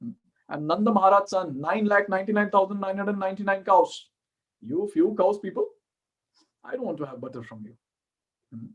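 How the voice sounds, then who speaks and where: A man's voice: animated, a little fast, pauses often, highs cut off. A man doing a proud, scolding little boy. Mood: indignant. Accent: Indian. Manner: indignant, scolding, high-pitched.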